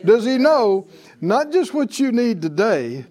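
Slow, deep-toned older preacher. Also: male voice, sing-song, mellow, soft background music. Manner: folksy, chuckling, rhetorical questions. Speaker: preacher and teacher. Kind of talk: sermon-style Bible class.

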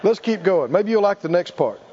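A man's voice: high-pitched, animated, moderate pace, darkish tone, long reverb tail. A man preaching a sermon, leading the congregation in call-and-response and laughing between points. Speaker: pastor. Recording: muffled church recording.

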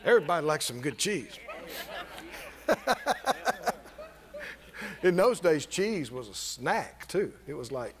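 High-voiced folksy man preacher. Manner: humorous, folksy storytelling. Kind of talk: sermon with call-and-response. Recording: reverberant church hall.

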